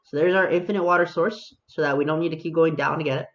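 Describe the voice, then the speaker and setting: Male gaming vlogger, wry self-deprecating chatter, slightly high voice, dull home-mic sound. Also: steady tone, fast talker, fairly bright tone. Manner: self-mocking, talks to himself and viewers. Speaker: gaming video host. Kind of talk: casual gameplay commentary.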